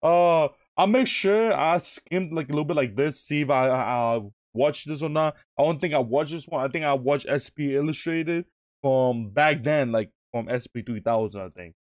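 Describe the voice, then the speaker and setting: A man's voice: on the high side, normal speed, no room sound. A young man chatting casually as he reacts to a video, rambling, laughing often and restarting his sentences. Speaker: YouTube reactor.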